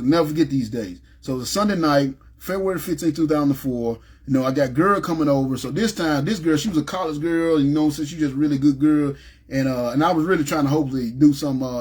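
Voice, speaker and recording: A man's voice: medium pitch, darkish tone, husky. A man telling his personal testimony in a casual storytelling way, often checking in with "you know what I'm saying" and acting out what people said. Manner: conversational, acts out quoted speech, frequent "you know what I'm saying".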